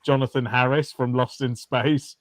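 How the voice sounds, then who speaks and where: A man guest on a film podcast, animated and laughing often as he chats. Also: medium pitch, moderate pace, no echo. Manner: animated, laughs often, quotes lines in voices. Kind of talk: casual film discussion.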